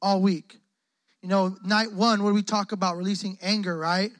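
High-voiced man preaching with playful slang. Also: little pitch movement, normal speed, no room sound. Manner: playful, joking, heavy casual slang. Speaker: guest preacher. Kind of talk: lively call-and-response sermon. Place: church hall with a congregation. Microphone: close microphone on the speaker.

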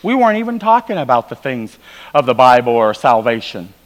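A man preaching at a revival, telling stories and moving between quiet asides and loud calls to the congregation. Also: mid-range voice, sing-song, brisk. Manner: storytelling, swings from quiet asides to loud exhortation. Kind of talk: sermon. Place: church sanctuary. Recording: hall reverb.

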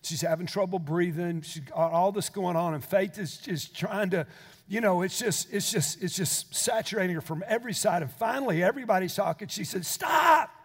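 Older male pastor, high voice, sermon storytelling that builds to fervent preaching, long hall reverb. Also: brisk.

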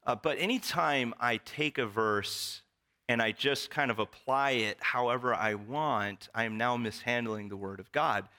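A man's voice: medium pitch, a little slow, pushed and bright. A male pastor preaching a sermon in church, telling stories with wry humor.

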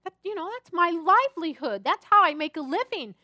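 A woman pastor preaching a sermon, telling personal stories in an animated, chatty and humorous way. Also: very high-pitched, a little fast, dry recording, studio quality.

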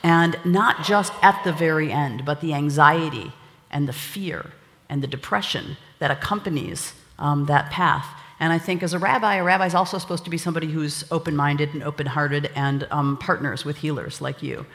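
Bright-voiced rabbi running the event, lively and joky, big hall echo. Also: male voice, a little high, moderate pace. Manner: lively, joking, emphatic. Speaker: rabbi hosting a conference. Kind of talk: conference talk. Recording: long hall reverb.

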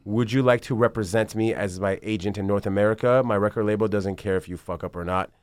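A basketball agent, guest in a casual interview, tells stories in a smooth, low voice at a fast clip. His delivery is rambling, profane and animated.

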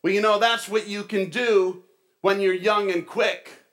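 A man's voice: sits high, steady tone, measured pace, fairly bright tone, voice pushed up. A man doing a cocky young guy with a smug boast.

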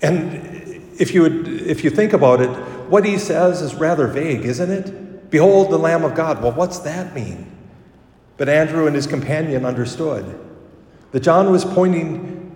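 A man's voice: on the high side, unhurried. Priest giving a homily, chatty, fixes his words as he goes, big echoey church sound. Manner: conversational, self-correcting, animated when quoting.

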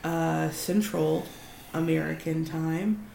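Woman, podcast co-host, low gravelly voice, casual animated recap, echoey room. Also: slow. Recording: echoey room with faint noise.

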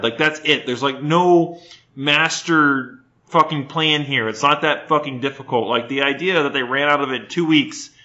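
A man from Houston rants on a casual podcast, exasperated and swearing constantly. His voice is bright and tense. The recording sounds dull and lo-fi. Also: a little high. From Houston, Texas. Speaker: podcast co-host.

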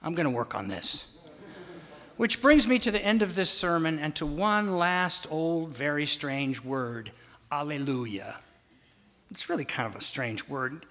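Bright-voiced preacher in a reverberant church. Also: male voice, on the high side, big pitch swings, moderate pace. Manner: dramatic, mocking impressions with call-and-response. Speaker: pastor. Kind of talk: sermon. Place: church sanctuary. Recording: long reverb of a large church.

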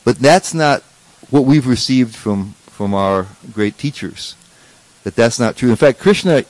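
A man teaches a scripture class in a relaxed, conversational way. He often restarts his sentences and tosses rhetorical check-ins to his listeners. His voice sits at a middle pitch in a dry, close-sounding recording. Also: no room sound, poor audio.

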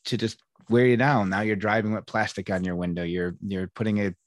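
A man with a fairly low voice hosts a relaxed podcast chat, recorded close and dry with no room sound. He rambles in a friendly, loose way, restarting sentences and leaning on "I mean" as he works toward his point. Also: brisk, no room sound. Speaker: podcast host and coach. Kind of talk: casual conversation.

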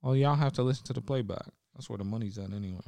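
A man's voice: medium pitch, rapid-fire, gravelly, warm tone, no echo. A young man hosting a casual podcast, talking loosely with lots of swearing, trailing off and restarting. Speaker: podcast host.

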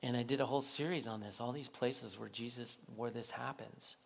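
A male pastor preaching a sermon, animated and laughing often, rising to near-shouting at peaks. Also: medium pitch, brisk, vocal fry, husky.

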